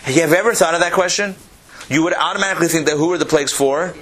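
Guy leading a torah class, a bit high-pitched, repeats himself, keeps asking the room questions. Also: fast talker. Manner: animated, repeats phrases, asks the class questions. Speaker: Torah teacher. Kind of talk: teaching a text class.

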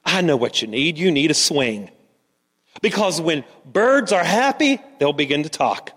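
A man's voice: fairly high pitch, very animated, a little slow, fairly bright tone, pitched below the performer's own voice, full character voice. A man voicing a reassuring pet store manager who keeps selling bird toys, told as part of a joke in a sermon, in a reverberant hall. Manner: reassuring, salesy.

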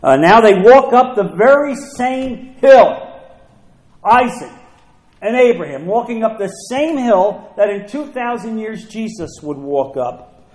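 A man preaching a sermon as pastor, emphatic, repeating key phrases and slowing down to read scripture aloud. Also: high voice, animated, darkish tone, roomy sound, poor audio.

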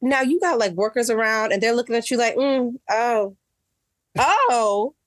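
Woman chatting, tells a story all animated, acts out voices, kinda high voice. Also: fast, no echo, studio quality. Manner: animated, acts out quotes, rising exasperation. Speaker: guest. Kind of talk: casual storytelling chat.

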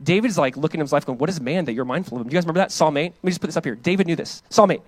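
A man in his thirties delivers a sermon at a rapid clip, his voice sitting high for a man. He talks casually, leaning on "like", and gets animated when he quotes. The sound is dry, with no room echo. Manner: casual and conversational, full of "like", animated when quoting. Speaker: pastor.

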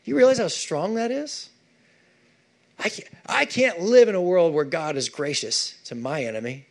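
A male pastor preaching a sermon, animated and conversational, with frequent asides to the congregation. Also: on the high side, normal speed, gravelly.

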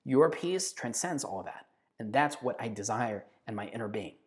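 Male preacher, sermon, earnest, emphatic, drawn-out hushed phrases. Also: mid-range voice, expressive. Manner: earnest, emphatic, slows down and drops to a hush on key phrases.

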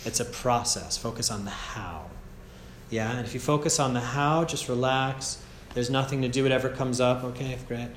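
A man with an American accent giving a gentle, casual meditation teaching at a retreat, often checking in with "yeah?". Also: mid-range voice, normal speed, a little hiss or hum. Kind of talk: relaxed meditation talk. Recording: echoey room, faint ambience.

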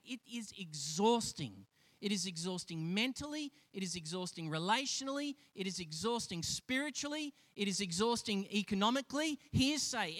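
A man preaching a sermon, animated and acting out the voices of the people in his stories, with frequent restarts. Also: very high-pitched, no echo. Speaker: pastor.

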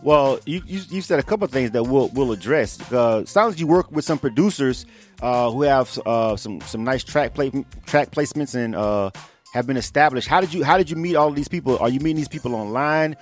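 A man's voice: medium pitch, lively intonation, fairly quick, soft background music. A man hosting a live radio interview, talking loosely with many fillers and repeats. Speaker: radio show host. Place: based in Atlanta.

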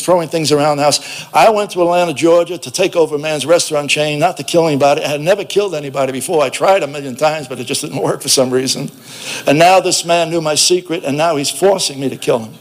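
A man tells his own testimony in a plainspoken, first-person storytelling style. His voice sits a bit higher than most men's, and his delivery is blunt, with a streetwise edge. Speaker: speaker giving a personal testimony.

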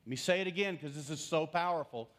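A middle-aged man preaching a sermon as pastor, conversational, swinging from loud emphasis to hushed, slowed lines. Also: on the high side.

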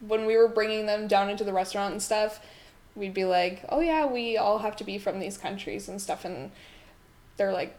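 A woman's voice: medium pitch, normal speed, a little mellow. A young woman from Ontario, a podcast guest recalling her restaurant job, easygoing and laughing often. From Ontario, Canada. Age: young adult. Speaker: podcast guest, former theme park restaurant worker. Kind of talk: casual podcast chat.

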